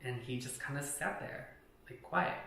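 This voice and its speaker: A man's voice: mid-range voice, moderate pace, creaky, sharp tone, a little hiss or hum. A young man telling a personal story in a vlog, blunt and candid, with plenty of profanity. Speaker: vlogger. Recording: very echoey room.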